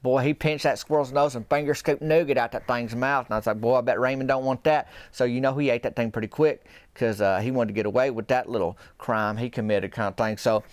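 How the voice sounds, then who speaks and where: A man telling a rambling comic story in a slow, folksy, deadpan way. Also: mid-range voice, no echo. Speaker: comedian storyteller.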